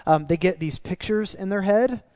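Animated preaching pastor, man. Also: high-pitched, moderate pace. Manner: animated preaching, dropping to quiet emphasis. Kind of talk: sermon.

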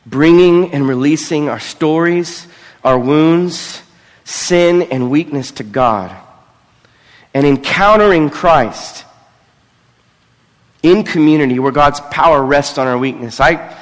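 A man's voice: on the high side, slow pace, long pauses. A middle-aged man preaching a conversational sermon, earnest and often breaking into self-deprecating asides. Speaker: pastor. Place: church sanctuary. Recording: long reverb of a large hall.

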